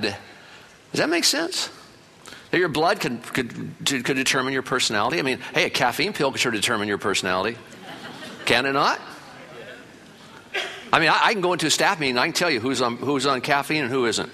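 An older man preaching a sermon as pastor, telling lively stories and reading scripture verse by verse. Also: medium pitch, brisk. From Italian family in America. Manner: animated storyteller, breaks into loud put-on relatives' voices.

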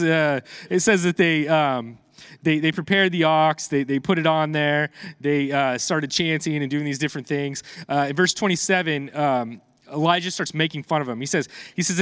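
A man in his thirties preaching in a loose, conversational way, slightly high-pitched, stumbling and restarting as he reads scripture and jokes with the crowd. The recording is dry and close, with almost no room sound. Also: moderate pace, a bit bright, no echo. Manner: conversational, chatty asides to the congregation, frequent restarts and fillers. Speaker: pastor. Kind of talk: casual sermon with scripture reading.

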